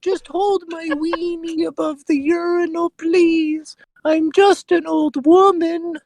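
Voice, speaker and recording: A man voicing a pleading old woman in a squeaky, high falsetto, drawn out slowly and whining. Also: little pitch movement, vocal fry, a little mellow, dry recording, heavily acted. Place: parked car, window down.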